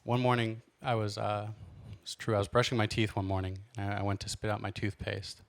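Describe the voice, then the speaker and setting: In a noisy live club recording, a man in his thirties from Los Angeles performs stand-up, spinning theatrical, self-deprecating stories. His voice is fairly low and quick, with little variation in pitch.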